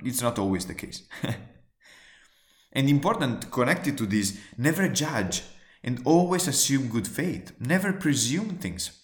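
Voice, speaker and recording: A man speaking as a walks through advice tips in an earnest, emphatic way. He asks rhetorical questions and repeats his key points. His voice sits at a middle pitch and carries noticeable room echo. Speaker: presenter giving workplace advice. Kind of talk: spoken advice talk, numbered tips.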